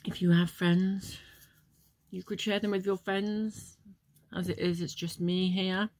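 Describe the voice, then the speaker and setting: Chatty woman, low and dry. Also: no echo. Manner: chatty, meandering, many ums. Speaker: vlogger. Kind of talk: casual food review.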